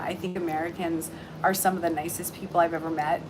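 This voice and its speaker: A middle-aged Canadian woman chatting casually and warmly on a livestream, full of ums and restarts, about heartfelt topics. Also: fairly low pitch, steady tone, brisk, noisy background. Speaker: intuitive reader and shop owner. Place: aboard a cruise ship. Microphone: phone livestream.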